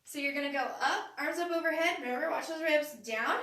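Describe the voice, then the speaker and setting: Upbeat high-voiced woman coaching a workout. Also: a little fast, pushed and bright. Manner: upbeat, cueing moves and counting down. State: out of breath. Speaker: fitness instructor. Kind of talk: live workout instruction. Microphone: phone camera from across the room. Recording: echoey room, voice far from the phone.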